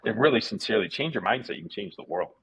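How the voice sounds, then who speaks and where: A man, a martial arts instructor, telling stories casually as a guest, animated, repeating words and swearing freely. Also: on the low side, racing, vocal fry, a little hiss or hum. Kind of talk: casual storytelling interview. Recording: dull lo-fi podcast audio.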